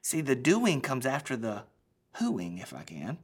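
A man preaching a sermon as a pastor, swinging between loud, emphatic lines and hushed, almost whispered ones. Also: mid-range voice, huge pitch swings, measured pace, husky.

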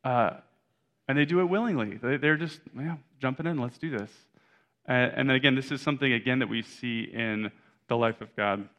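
A man's voice: medium pitch, brisk, muffled recording. A young adult man preaching a sermon as pastor, in a conversational way, correcting himself and often adding "right?" asides.

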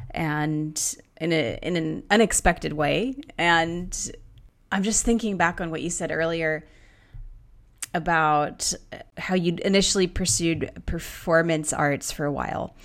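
A woman hosting an interview, responding attentively and asking follow-up questions. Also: low-pitched. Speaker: podcast host. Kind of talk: interview conversation.

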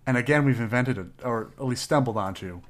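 A man's voice: medium pitch, fairly quick. Average-voiced guy podcasting from his desk, goofy, laughs a lot, kinda rambly. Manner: playful, laughs often, rambling. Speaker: podcast co-host. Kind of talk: casual chat building a game character. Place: at home at a desk.

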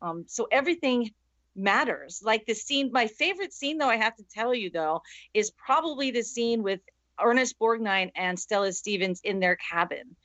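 Emphatic higher-voiced woman co-host. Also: expressive, normal speed, no echo, muffled recording. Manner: warm, emphatic, gushing about performances. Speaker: podcast co-host. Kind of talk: casual movie discussion.

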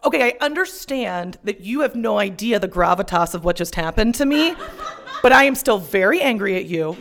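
A young woman telling a personal story on stage, profane and self-mocking, shouting out her punchlines. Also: medium pitch, animated, brisk.

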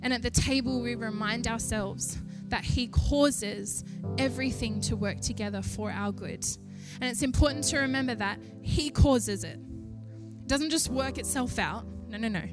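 High-voiced woman preaching a sermon. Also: normal speed, hardly any pauses, music in the background. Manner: animated, rising with emphasis, laughs between points.

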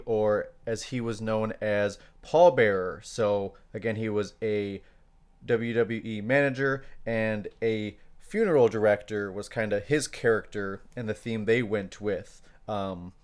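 Smooth-voiced man, halting podcast talk. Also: lowish voice. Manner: hesitant, many fillers, loses his place. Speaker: podcast co-host. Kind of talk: casual podcast discussion.

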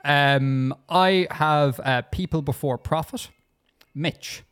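A man's voice: a little high, slow pace, a bit bright, clear, resonant tone. Chatty man hedging in a quiz. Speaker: podcast co-host, quiz player. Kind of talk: casual podcast chat.

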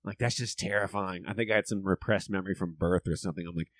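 A man chatting casually with friends, telling animated stories and laughing often. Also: low-pitched, fast talker, dry recording. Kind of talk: casual podcast chat.

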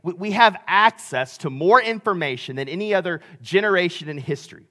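A male pastor preaching a sermon, telling the story with big swings between loud and hushed delivery. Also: high-pitched, expressive, brisk.

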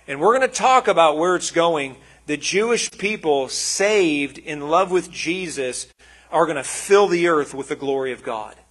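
A man's voice: a little high, a bit bright. A man preaching a conversational sermon, earnest and emotional, with frequent restarts and asides.

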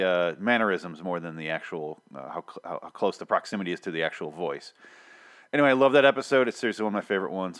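A man's voice: low voice, fairly bright tone. A man hosting a podcast, chatting casually in a rambling, self-deprecating way. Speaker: podcast host.

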